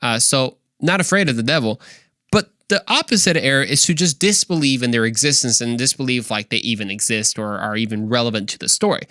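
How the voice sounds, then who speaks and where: A man's voice: medium pitch, a little fast, sharp tone, dry recording, clean studio sound. Enthusiastic young male podcast host. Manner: enthusiastic, rambling with fillers. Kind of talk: casual faith talk.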